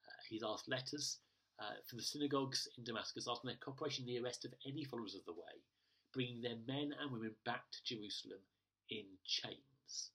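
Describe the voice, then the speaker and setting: Husky-voiced pastor preaching from a distance. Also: male voice, mid-range voice, fairly quick, bright, forceful tone. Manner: conversational, with frequent restarts and hesitations. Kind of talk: sermon.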